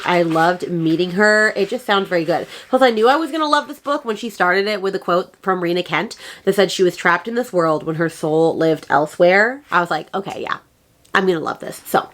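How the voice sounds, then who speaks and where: A woman vlogger talks through her book haul in a loose, casual way. She gushes with excitement and rambles, piling on fillers and restarts. Her voice sits at an ordinary middle pitch. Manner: gushing and enthusiastic, rambling with fillers.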